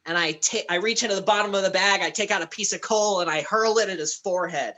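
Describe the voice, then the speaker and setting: A woman's voice: mid-range voice, fast, fairly bright tone. A woman playing a tabletop game, describing her character casually with hesitant restarts. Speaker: player.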